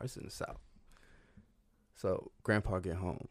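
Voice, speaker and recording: Low-voiced man telling profane stories. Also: measured pace, pauses often. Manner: loose and profane, with many fillers and laughs. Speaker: podcast guest. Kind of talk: casual storytelling.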